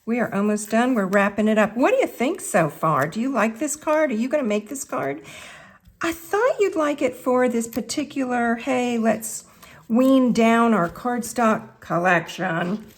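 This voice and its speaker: A woman's voice: on the high side, lively intonation, measured pace. A woman with a Southern US accent hosting a chatty craft tutorial, talking straight to her viewers in a folksy way. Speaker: craft video host.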